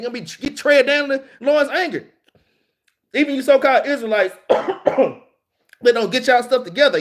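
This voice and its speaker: High-voiced preacher man, emphatic. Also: fairly bright tone. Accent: Southern US. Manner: casual and emphatic, peppered with "man" and "all right?". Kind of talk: street-style scripture teaching.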